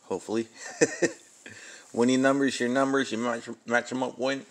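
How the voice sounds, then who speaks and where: A man's voice: medium pitch, fairly even intonation, moderate pace. A man giving casual running commentary as he scratches lottery tickets, muttering numbers and sighing and groaning at losses.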